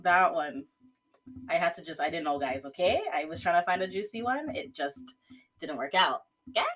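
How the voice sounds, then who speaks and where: A young woman co-hosting a podcast, chatting casually and reading text exchanges aloud in a flat voice. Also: fairly low pitch, normal speed. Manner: reads out text dialogues in a flat voice, laughs often. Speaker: podcast co-host. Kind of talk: casual chat.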